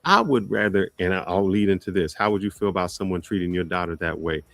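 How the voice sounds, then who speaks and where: A man hosting a podcast, laying out his argument in a measured, steady way. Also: low voice, no room sound. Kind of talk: casual debate.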